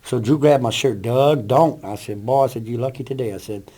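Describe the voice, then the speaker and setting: A man's voice: medium pitch, fairly quick, warm tone. A plainspoken man telling about a rescue in an interview. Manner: blunt, plainspoken. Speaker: volunteer rescuer. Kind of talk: interview storytelling.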